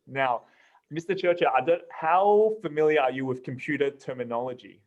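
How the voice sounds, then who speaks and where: A man's voice: on the high side, moderate pace. Upbeat, laughing male podcast host. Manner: laughs often, upbeat, leads the talk. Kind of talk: casual podcast chat.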